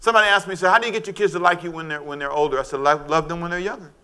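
A middle-aged man preaching a sermon, animated and shouting at times, calling for amens from the congregation. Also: a little high, racing, smooth. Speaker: pastor.

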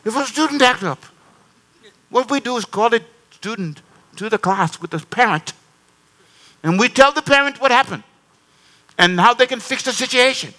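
Young female auditor, earnest, high exclamations, put on by a man. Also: lively intonation, normal speed, pauses often, sharp tone, full character voice, poor audio. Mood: serious. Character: excited young woman auditor, earnest, shocked.

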